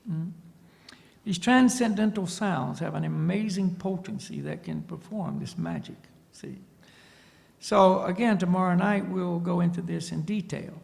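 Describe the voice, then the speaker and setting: A man's voice: high-pitched, a little slow, creaky, darkish tone, big-room sound. A man, a spiritual teacher, telling a story in a lecture to an audience and often checking in with a questioning "see?". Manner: tags points with a questioning "see?".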